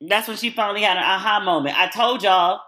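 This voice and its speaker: A woman hosts her own podcast and talks alone in a loose, casual way. Her voice is bright and forceful, and she sits at an ordinary middle pitch. She is candid and blunt, swears freely, and acts out quotes as she retells things. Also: fast. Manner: animated retelling with acted-out quotes. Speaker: podcast host. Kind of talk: casual solo chat.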